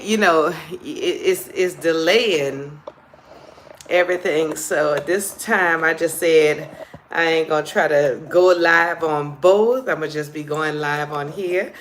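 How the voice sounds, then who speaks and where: A woman's voice: low-pitched, takes it slowly, roomy sound, a little hiss or hum. A woman with a New Orleans accent, chatting casually and playfully with viewers on a live stream as a comedian host. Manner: chatty, playful, calls viewers "girl" and "child".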